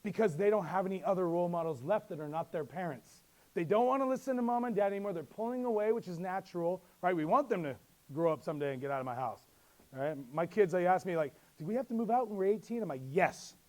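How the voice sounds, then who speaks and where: A middle-aged man, a youth pastor, teaching youth leaders in a lively, joking storytelling way. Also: sits high. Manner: lively storytelling with jokes and quick asides.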